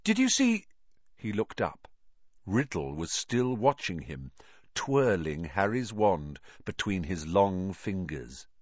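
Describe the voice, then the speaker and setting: A man's voice: deep voice, animated, slow, no room sound, muffled recording. A man narrating a fantasy storybook expressively and dramatically. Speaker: audiobook reader.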